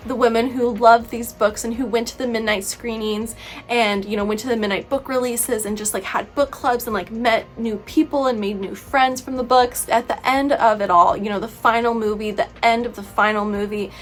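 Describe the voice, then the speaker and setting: A woman's voice: on the high side, fairly even intonation, moderate pace. A young woman vlogging casually to camera, chatty and playfully opinionated, full of "like" and "you know". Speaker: YouTuber reviewing books and films.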